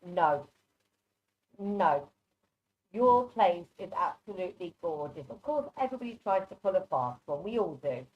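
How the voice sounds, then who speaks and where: A woman's voice: on the low side, lively intonation, moderate pace. Chatty psychic reader, woman, affectionate, dull online call audio. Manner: affectionate, chatty, calls people darling. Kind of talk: live online readings.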